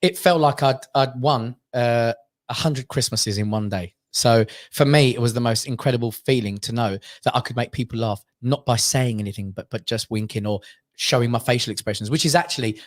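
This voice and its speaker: A man's voice: medium pitch, fairly quick. A male comedian telling funny stories as a guest in a studio interview. He acts out voices and laughs often. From Armenia. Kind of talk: chatty anecdote-telling interview. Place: London studio.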